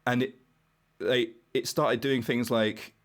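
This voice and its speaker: A man's voice: mid-range voice, fairly even intonation, slow. A British man, a guest on a podcast, explaining technical ideas in a casual, wry way and thinking aloud as he goes. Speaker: podcast guest, browser engineer.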